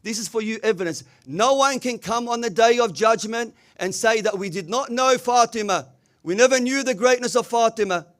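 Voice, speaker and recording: A man's voice: very high-pitched, moderate pace, a bit bright. A man preaching a sermon, telling a religious story with emphatic asides and Arabic phrases mixed into English. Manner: emphatic storytelling with frequent rhetorical "huh?" asides. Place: community religious hall.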